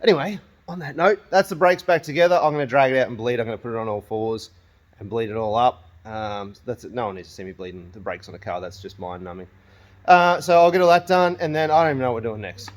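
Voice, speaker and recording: Talking fast with lively intonation, this medium-pitched man is a home mechanic and channel host fixing his truck in his shed. His workshop vlog is casual thinking aloud, full of wry grumbling at the parts and frequent jokes at his own expense.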